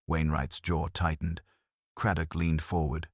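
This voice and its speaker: A man with a very deep voice reads a scripted mystery story in a measured, even manner. The sound is dry and close, with no room in it. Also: no echo. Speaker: narrator.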